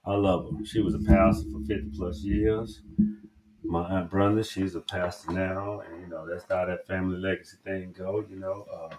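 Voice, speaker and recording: A man's voice: low-pitched, flat delivery, normal speed, background noise. A man with a Southern US accent hosting a podcast, giving a casual book review in a rambling, emphatic way and swearing freely. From Southern United States. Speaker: podcast host.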